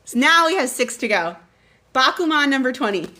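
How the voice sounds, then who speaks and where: A woman librarian chatting casually as she unboxes packages on a live stream, reading notes aloud with excited bursts. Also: high voice, moderate pace, slight background noise. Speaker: school librarian.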